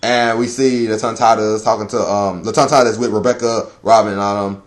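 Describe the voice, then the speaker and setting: A man reviews a manga chapter in a casual, rambling way, talking a little fast, swearing often, laughing plenty, and breaking into high, excited exclamations.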